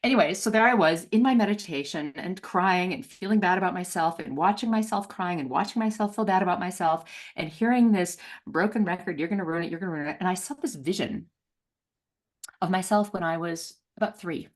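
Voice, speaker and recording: A middle-aged woman telling a personal story as an interview guest, laughing often and acting out voices with big jumps in pitch. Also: fairly quick. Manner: laughs often, many fillers.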